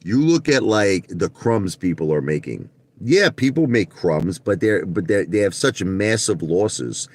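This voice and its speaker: Brash, profane New guy with a low voice ranting on a home livestream; dry, close sound. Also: expressive, a little slow, a little mellow, dry recording. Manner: brash, profane, repeats himself. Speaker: livestream host on stock trading. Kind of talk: casual livestream rant.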